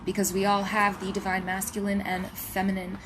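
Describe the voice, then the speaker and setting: A woman and spiritual healer giving a channeled message. She talks in a reverent, litany-like way, slips into a hushed whisper at times, and adds playful asides. She is recording at home. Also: medium pitch, completely flat delivery, brisk, background noise.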